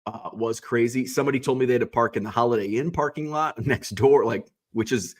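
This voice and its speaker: Hoarse, rambling man recapping casually. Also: medium pitch, brisk. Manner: chatty, rambling, many fillers and restarts. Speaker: card show organizer and host.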